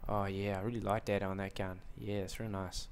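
A man's voice: on the low side, level tone, brisk, a little hiss or hum. A young man with a put-on American accent, rambling through live game commentary with self-mocking asides. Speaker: gaming commentator.

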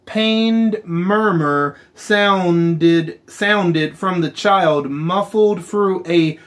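A man hosting a gaming channel, chatting casually over gameplay and slowly reading story text aloud with muttered asides. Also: high voice.

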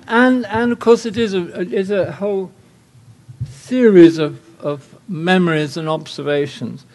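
Older English guest lecturer, dry wit, digressive anecdotes, slightly high pitch. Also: male voice, moderate pace, darkish tone. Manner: wry, anecdotal, rambling asides. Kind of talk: lecture with slides.

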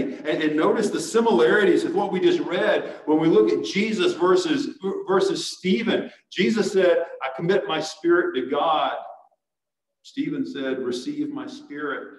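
A man preaches a sermon, earnest and pressing his listeners to respond. His voice sits at an ordinary middle pitch. The sound carries the ring of a large sanctuary, picked up from some distance. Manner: earnest, rising to urgent exhortation. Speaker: pastor. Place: church sanctuary. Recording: echoey church sanctuary, mic at a distance.

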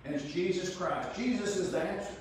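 A man preaching a fervent revival sermon that repeats its phrases and builds to shouts. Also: high voice, a little fast, a little hiss or hum. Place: church. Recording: very echoey, far from the mic.

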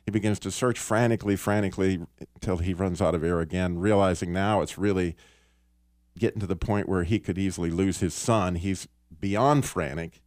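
A man's voice: low voice, moderate pace, dry recording, clean studio sound. Earnest man telling a story on radio. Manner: earnest, animated storyteller with restarts and small laughs. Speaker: radio show host. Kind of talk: Christian radio talk, storytelling. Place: radio studio.

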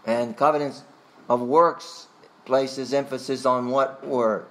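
A man teaching a catechism class, questioning students by name and pausing with frequent fillers. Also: mid-range voice, fairly even intonation, fairly bright tone. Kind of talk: Bible study teaching.

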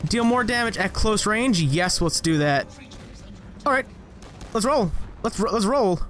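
A young man giving casual, rambling gameplay commentary, joking at himself and jumping into high excited yelps as he plays. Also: a little slow, faint music behind. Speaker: gaming channel host.

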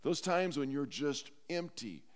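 A man's voice: on the high side, big pitch swings, a little slow. A man preaching a sermon as pastor, earnest and heartfelt, in a church sanctuary. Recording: long church hall reverb.

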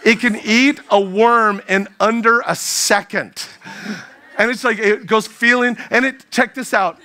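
A man giving a humorous youth sermon to a live audience, playful and animated as he jokes with the crowd. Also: sits high, a little slow. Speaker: youth speaker.

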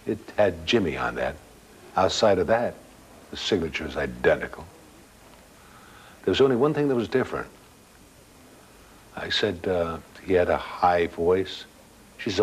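An older man casually telling a personal anecdote as a guest, halting at times and acting out dialogue. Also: low-pitched, lively intonation, slight background noise, rough recording. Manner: plain-spoken, halting, with restarts and quoted dialogue. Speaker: guest storyteller.

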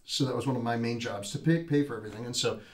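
A man in his forties, a priest, telling his story in an interview with lively, animated retellings. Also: mid-range voice, very fast. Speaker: Dominican priest, guest. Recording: roomy echo.

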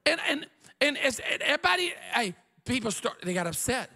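Man, middle-aged, pastor, revival preaching, high voice, gravelly fry, animated storytelling. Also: brisk. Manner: animated, shouting and laughing through stories.

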